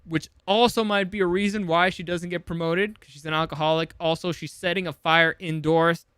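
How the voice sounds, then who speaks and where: A man's voice: a little high, fairly even intonation, fairly quick, a bit bright, smooth, no room sound, studio quality. A man recapping a movie in a casual, sarcastic way, swearing often and rambling with lots of fillers. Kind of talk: casual comedic film summary.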